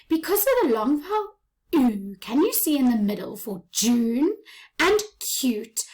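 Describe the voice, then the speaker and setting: Woman primary teacher, fairly high voice, bouncy intonation, patient encouraging delivery with soft half-whispered asides. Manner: slow, clear, encouraging teacher talk with sing-song praise. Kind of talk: online phonics lesson.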